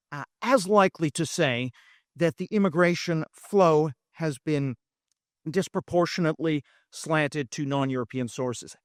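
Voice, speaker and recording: A man with a fairly high voice argues his point at a festival debate, pressing each claim with emphasis. He talks in a lecturing way and often pauses on fillers. The sound is close and dry. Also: no echo. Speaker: debate panelist. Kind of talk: live debate speech.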